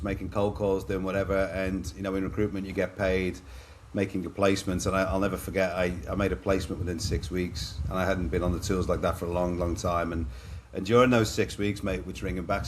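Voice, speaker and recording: This is a middle-aged man from Liverpool with an English accent and a low, deep voice. He is a guest on a podcast interview, telling his own stories in a chatty, anecdotal way and often calling the host "mate". A faint hiss sits under the recording. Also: fairly even intonation, a little fast. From Liverpool, England. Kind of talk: candid storytelling in a podcast interview.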